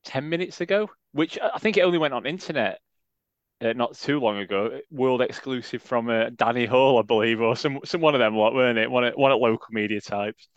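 A man's voice: mid-range voice, no room sound, highs cut off. A man co-hosting a casual football podcast, sarcastic and jokey. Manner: sarcastic, jokey, quick asides. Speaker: podcast co-host.

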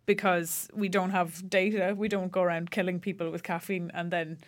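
A woman's voice: fairly low pitch, level tone, moderate pace. A woman co-hosting a casual science podcast, explaining facts with many fillers and restarts. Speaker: podcast co-host.

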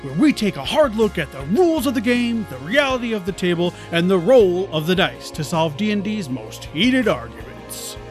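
A man's voice: high voice, very animated, normal speed, few pauses, faint music behind. A man host reading a scripted podcast intro in an upbeat announcer style.

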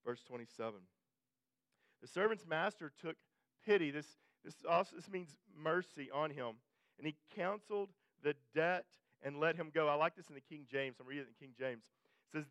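A man's voice: a little high, moderate pace, fairly bright tone, smooth, dry recording. A male pastor preaching a sermon in a conversational way, often restarting and repeating phrases and pushing his voice up for emphasis.

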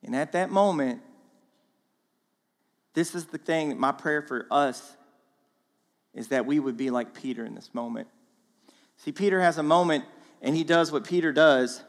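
A man giving a sermon as a guest speaker in a church, in an animated, casual way with slang, acting out the voices in the story. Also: a little high, normal speed, long pauses, big-room sound. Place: church auditorium.

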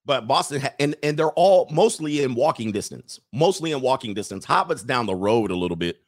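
A man's voice: medium pitch, lively intonation, a little fast, no room sound, clean studio sound. A man hosting a livestream in casual chat, rambling and laughing often as he reads out viewer messages.

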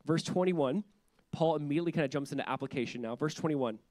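A man in his thirties preaching a sermon as pastor, conversational and animated, acting out the voices he quotes. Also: fairly high pitch, quick pace, no room sound, poor audio. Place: church hall.

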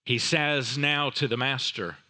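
A man's voice: mid-range voice, unhurried, sharp tone. A man preaching a sermon, retelling a parable dramatically with rhetorical questions and voiced characters. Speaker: pastor.

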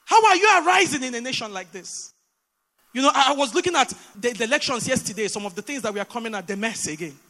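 A Nigerian woman preaching a sermon, animated and full of repeated rhetorical questions. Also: high-pitched, long reverb tail.

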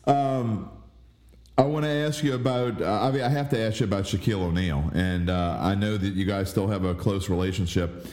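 A man's voice: fairly low pitch, moderate pace, a little mellow. A man interviewing a former coach, laughing along and stammering into his questions. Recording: roomy echo.

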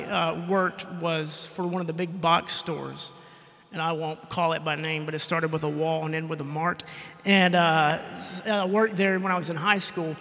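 A man preaching with a high, bright voice that keeps slipping into a creaky fry. He tells a long personal story, acting out the back-and-forth and clearing his throat now and then. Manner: storytelling, acts out quoted exchanges, frequent throat clearing. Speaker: pastor.

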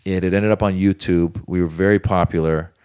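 A comedian telling a lively story in casual talk, acting out other voices. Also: male voice, low-pitched, fairly quick, smooth. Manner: animated, acts out voices in anecdotes. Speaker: comedian guest.

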